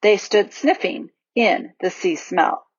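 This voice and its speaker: A woman narrating a children's storybook aloud with an expressive, varied delivery, on a dull lo-fi recording. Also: medium pitch, slow, husky, no echo. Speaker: audiobook reader.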